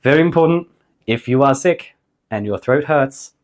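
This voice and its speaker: A man giving a singing lesson to camera, upbeat and jokey, his voice slightly hoarse after the flu. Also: mid-range voice, lively intonation, normal speed. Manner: upbeat, jokey, emphatic on key points. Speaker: singing teacher.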